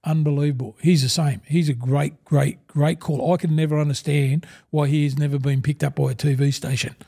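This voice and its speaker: Slightly rough with vocal fry, this former rugby league player turned broadcaster talks fairly quickly in a dark, mellow voice pitched a touch high. The Australian in his sixties is an animated storyteller in a casual interview, performing the dialogue he quotes and saying "mate" at every turn.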